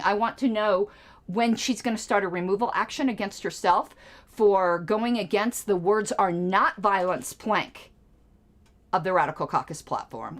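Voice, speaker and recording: A middle-aged woman hosting a live stream, ranting in a sarcastic, combative and profane way. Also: mid-range voice. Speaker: show host.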